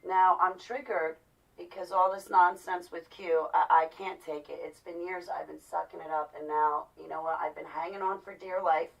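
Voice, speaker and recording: A middle-aged woman giving an agitated personal monologue, swinging between loud outbursts and low, quiet stretches. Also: steady tone, normal speed, vocal fry, distant mic, low-quality recording. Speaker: vlogger.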